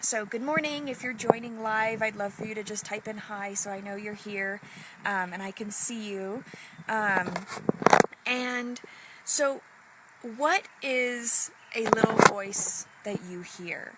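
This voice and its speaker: A woman's voice: medium pitch, heavy background noise. A woman life coach talking in a casual motivational live stream, earnest and encouraging. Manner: earnest and encouraging, slow and reflective. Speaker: life coach hosting a live video session.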